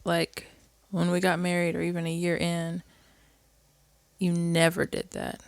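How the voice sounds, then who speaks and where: A woman's voice: fairly low pitch, monotone, measured pace, vocal fry, clear, resonant tone, no echo. A woman co-hosting a podcast, talking openly and casually about feelings and playing out little remembered exchanges. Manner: open and emotional, acts out little quoted exchanges. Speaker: podcast co-host. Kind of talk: casual chat.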